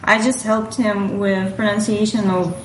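A woman's voice: mid-range voice, level tone, measured pace. Female guest, polite and matter-of-fact, roomy echo with faint background hum. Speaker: language coach and actor. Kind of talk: casual panel interview.

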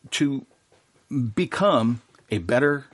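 A professional Santa performer appears as a radio guest, casually telling heartfelt stories in an interview. His husky, medium-pitched voice is animated but slow, and he comes across as a warm, earnest storyteller with many fillers and restarts.

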